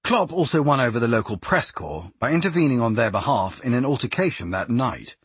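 Husky male audiobook narrator. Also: mid-range voice, sing-song, fairly quick, dry recording. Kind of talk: scripted narration.

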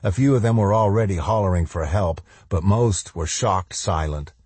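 A man reads a novel aloud in a low, dark voice with a husky grain. His pacing is measured and slows down for the weightiest lines. The recording is dry and close, with no room sound. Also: dry recording. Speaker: audiobook narrator. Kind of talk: scripted narration of a novel.

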